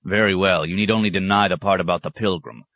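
A man's voice: sits low, steady tone, quick pace, a bit bright, no echo, muffled recording. A man voicing a stern, sarcastic abbot who questions a novice with cutting mockery. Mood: severe. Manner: mocking, cutting, sometimes roaring.

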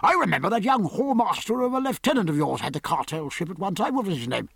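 A man's voice: high-pitched, very animated, fast talker, creaky, a bit bright, breathy edge, no room sound, clean studio sound, pitched above the performer's own voice, full character voice. A man voicing a crude, blustering elderly general who talks in a brusque, scoffing way.

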